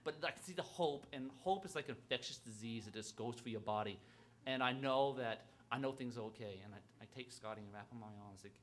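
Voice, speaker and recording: A man telling a personal story on stage at a live storytelling event, halting and self-deprecating, with lots of fillers and restarts. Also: medium pitch, slight background noise.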